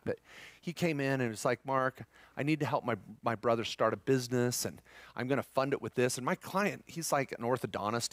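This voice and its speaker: A man's voice: mid-range voice, a bit bright, dry recording. Upbeat middle-aged man at a seminar. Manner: upbeat, jokey, addresses audience as guys. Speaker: seminar speaker on tax strategy. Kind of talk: live seminar talk to a room.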